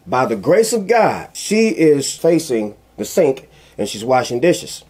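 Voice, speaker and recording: A man giving casual commentary, telling a personal story in an animated, emphatic way that repeats phrases for emphasis. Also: medium pitch, measured pace, husky. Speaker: commentary vlogger.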